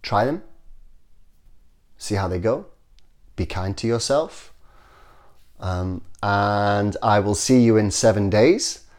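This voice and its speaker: Host: middle-aged man, fairly low voice, earnest and repetitive, acts out sample dialogues. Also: slow pace, long pauses, darkish tone. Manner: earnest, repeats phrases, acts out example dialogue. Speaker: self-development video host. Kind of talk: casual talk to camera.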